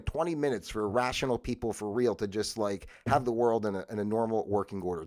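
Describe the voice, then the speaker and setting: Rambling man hosting a livestream. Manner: rambling, many fillers and restarts; bursts into loud, high exasperated outbursts. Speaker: livestream host. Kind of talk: casual solo livestream monologue.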